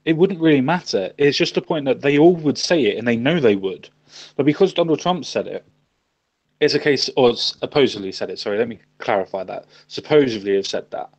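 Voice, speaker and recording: A man's voice: medium pitch, lively intonation, fairly quick. A man co-hosting a casual chat, emphatic, repeating his points and swearing casually. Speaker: co-host.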